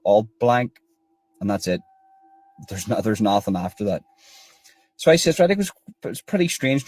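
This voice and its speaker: A man's voice: low-pitched, darkish tone, a little hiss or hum. A man, telling a long story casually, rambling and restarting as he quotes whole conversations. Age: 30s.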